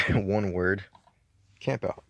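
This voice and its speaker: Speaking very slowly in a low, sharp-toned voice, a Southern man from Georgia wanders through a casual chat about his films. He's easygoing and occasionally profane, and there's no room sound.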